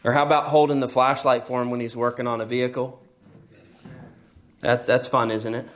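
A man's voice: medium pitch, level tone, brisk. A middle-aged man preaching a sermon as pastor, telling stories and pressing his points with emphasis. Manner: storytelling, emphatic with rising passages.

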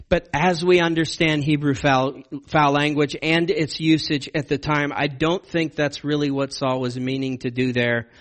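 A man teaching through a Bible passage in a conversational way. His voice sits a little higher than most men's, and he leans on key words, drawing them out slowly to press a point home. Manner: earnest and emphatic, slowing words for stress.

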